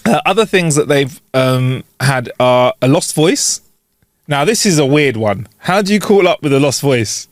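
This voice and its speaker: A young man co-hosting a comedy podcast, telling stories in an animated, jokey way. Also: fairly high pitch, unhurried, no echo, clean studio sound. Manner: animated, jokey, lively storytelling. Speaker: podcast co-host. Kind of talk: casual comedic chat.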